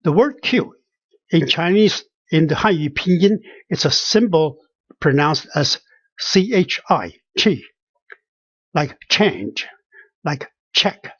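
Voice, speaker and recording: A teacher giving a pronunciation lesson, halting and full of fillers, repeating each sound and example word. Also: medium pitch, animated, slightly rough, no echo, muffled recording. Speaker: language teacher.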